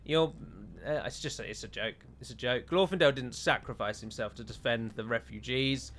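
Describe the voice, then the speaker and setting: A man's voice: mid-range voice, normal speed, fairly bright tone. A man giving joking, rambling let's play commentary on a strategy game, with a sarcastic streak.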